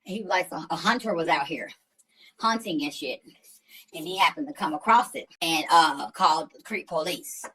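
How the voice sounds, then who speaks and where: A woman's voice: deep voice, normal speed, sharp tone, husky, low-quality recording. A woman who hosts a livestream, telling a story in casual, profane, slang-heavy chat. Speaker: livestream host.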